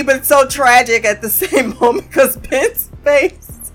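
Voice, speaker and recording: A woman's voice: high-pitched, slow pace, soft background music. Profane, laughing woman recapping a show. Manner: profane, animated, laughs often. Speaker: show reviewer. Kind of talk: casual TV episode recap.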